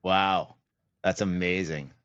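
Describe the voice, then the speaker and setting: A middle-aged man hosting a podcast, asking questions in a halting way and repeating words as he goes. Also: sits low, fairly even intonation, a bit bright, smooth. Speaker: podcast host. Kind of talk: interview questions. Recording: dry, dull lo-fi sound.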